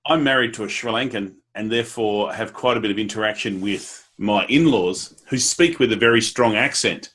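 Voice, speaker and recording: Measured Australian man asking a question. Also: lowish voice, fairly bright tone, slightly rough. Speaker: audience member asking a question.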